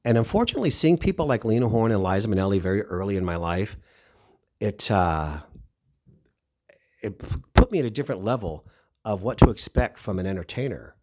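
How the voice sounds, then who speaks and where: A middle-aged man with a slightly low voice recounts a personal memory. His telling is animated and full of feeling, with his pitch lifting as the story builds. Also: fairly quick. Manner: animated, emotional, lively retelling.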